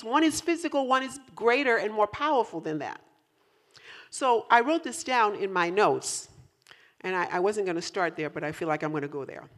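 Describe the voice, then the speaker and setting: A woman preaching a sermon with a lot of animation. Her voice climbs to loud, emphatic peaks and drops back down. She teases her congregation as she goes. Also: medium pitch. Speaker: pastor. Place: church in central New York.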